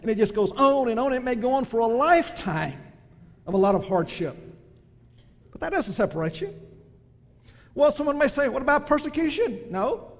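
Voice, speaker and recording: High-voiced preacher in a reverberant hall. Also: male voice, very animated, normal speed, pauses often. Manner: builds to loud emphatic crescendos, then drops soft. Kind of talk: sermon.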